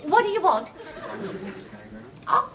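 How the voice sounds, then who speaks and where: A dotty Aussie housewife. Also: female voice, extremely high pitch, very animated, slow pace, a bit bright, exaggerated voice. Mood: dithering. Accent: Australian. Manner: fluttery, giggly. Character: dotty scatterbrained middle-aged Aussie housewife, chirpy. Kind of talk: sitcom acting. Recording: noisy TV soundtrack.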